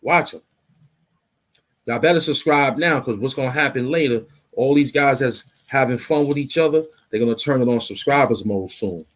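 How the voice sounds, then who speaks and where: A man hosting an online commentary show, ranting in a loud, mocking, animated way and repeating himself for emphasis. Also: mid-range voice, moderate pace. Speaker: YouTube commentary host.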